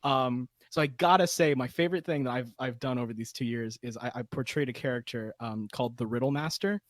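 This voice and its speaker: A man in a casual podcast chat about running tabletop games. He laughs a lot and restarts his sentences. His voice sits at a middle pitch and sounds dry and close. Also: no room sound. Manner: laughs often, halting with many restarts. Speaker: guest Dungeon Master.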